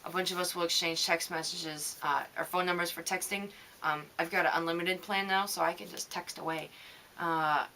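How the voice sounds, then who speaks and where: Young woman, bright voice, rambling casual vlog chat, lots of ums, knitting vlog host. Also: on the low side, slight background noise. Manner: chatty, rambling, frequent "um"s and laughs.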